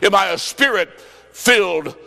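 A man preaching a sermon and telling stories, his voice swelling into sung and shouted rises. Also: sits high, a little slow, creaky. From Illinois, USA. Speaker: evangelist preacher. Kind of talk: sermon with storytelling. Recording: long hall reverb.

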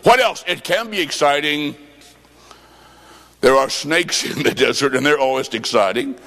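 Gravelly high-voiced preacher guy, animated sermon, echoing in a big church hall. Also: normal speed, faint music behind. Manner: animated, with sudden shouts and sing-song phrasing. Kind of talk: sermon with storytelling. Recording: long reverb of a large hall.

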